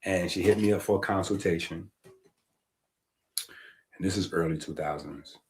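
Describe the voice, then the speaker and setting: A man's voice: low-pitched, moderate pace, a little hiss or hum. A man giving a casual, emphatic health-talk monologue, reading passages aloud and often checking in with "right?". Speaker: health streamer.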